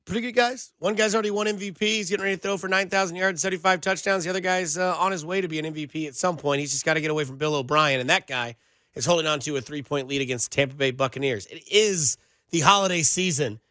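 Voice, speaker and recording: A man hosting a sports radio show, talking in an energetic, playful banter. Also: a little high, fast talker, dry recording, clean studio sound.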